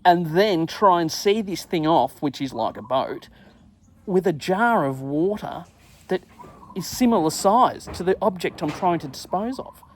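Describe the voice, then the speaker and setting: A man's voice: high-pitched, a little slow, slight background noise. Man telling a crude story. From England. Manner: animated, crude, self-mocking, acts out his own shouts. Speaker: podcast host. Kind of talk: casual storytelling monologue.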